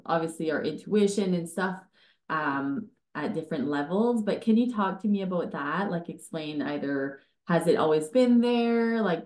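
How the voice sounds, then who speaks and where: A woman's voice: fairly low pitch, a little mellow. Chatty woman host, echoey room. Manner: chatty, lots of "like" and "um", rambling questions. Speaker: podcast host. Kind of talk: casual podcast interview.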